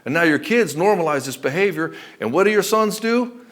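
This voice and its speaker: A man's voice: high-pitched, expressive, a little fast, fairly bright tone. A man giving relationship advice as a coach, speaking bluntly and emphatically, with frequent swearing. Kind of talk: direct-to-camera advice monologue.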